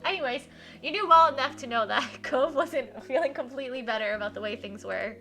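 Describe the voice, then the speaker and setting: A woman's voice: high voice, brisk, pushed and bright, faint music behind. A young woman streaming a story game live, reading text aloud and reacting with giggly, gushing asides.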